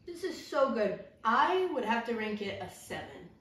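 An upbeat woman co-hosts a casual snack tasting, with a high voice that swings up and down as she reacts to each bite. She sounds far from the mic in a very echoey room with faint background noise. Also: sing-song, moderate pace, a bit bright. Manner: upbeat, chatty, exclaims at flavors. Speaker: co-host of a snack tasting video. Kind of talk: casual taste-test chat.

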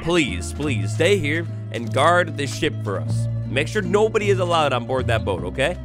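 A man's voice: a little high, sing-song, normal speed, music in the background. A young man giving playful, theatrical commentary while playing a survival video game, talking to the animals and villagers he meets. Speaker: gaming YouTuber. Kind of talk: Minecraft let's play commentary.

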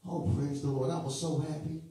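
A man's voice: a little high, steady tone, brisk, mellow. A man preaching a sermon with fervour, moving between sing-song chanting and joking asides to the congregation. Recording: echoey room from far off with music. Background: music.

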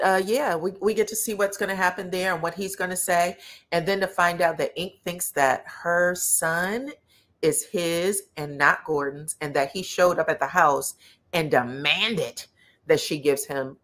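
A woman's voice: fairly low pitch, a bit bright. A woman hosting reality TV commentary, chatting casually and sassily while reading viewer comments. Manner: sassy, uses slang like child and delulu.

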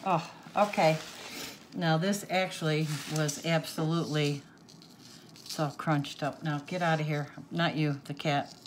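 A woman's voice: low-pitched, steady tone, a little slow, slight background noise. An older woman hosting a crafts vlog, gushing and exclaiming as she opens gifts on camera. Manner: gushing, exclaiming, easily moved. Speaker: crafts channel host. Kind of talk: casual unboxing vlog.

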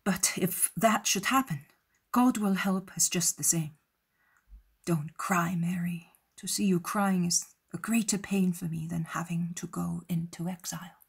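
A woman voicing Joseph, a protective, steady grown man, in a soft breathy voice. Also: lowish voice, a little slow, heavily acted. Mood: resolute.

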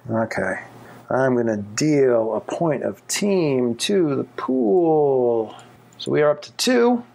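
A man running a tabletop game as game master, animated and thinking aloud with many fillers. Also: medium pitch, vocal fry.

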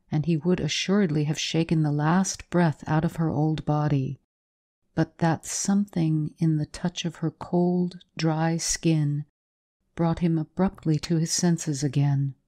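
A woman narrating a literary story in a measured audiobook reading. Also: low voice, steady tone, warm tone.

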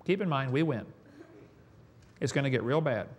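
A man's voice: mid-range voice, animated, normal speed, breathy edge. A man preaching a sermon, telling folksy stories with chuckles.

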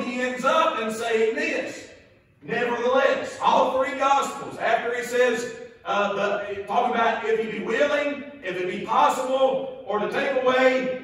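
A Southern US preacher with a strikingly high voice delivers a sermon at a very unhurried pace, leaning on repeated phrases. He sounds distant from the mic, his words ringing through a cavernous church. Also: a bit bright. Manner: slow, emphatic, repeats key phrases. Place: church sanctuary. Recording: echoey church from far off.

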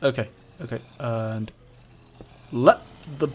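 A man narrating his gameplay in an unhurried, drawn-out way, talking to the monsters on screen as if they were friends. He giggles often and lets out sudden high yelps when things go wrong. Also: animated. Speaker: gameplay commentator. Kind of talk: casual let's-play commentary.

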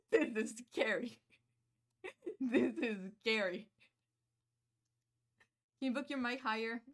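A woman live-streaming a video game, chatting casually with her viewers in a playful, giggly, self-mocking way and reacting loudly to the screen. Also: on the high side. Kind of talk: casual live-stream chat while gaming.

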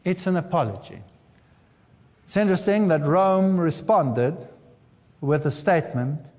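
A man's voice: fairly high pitch, animated, measured pace, pauses often, darkish tone, long reverb tail. A man preaching a sermon, reading scripture aloud with dramatic emphasis and a touch of dry humor.

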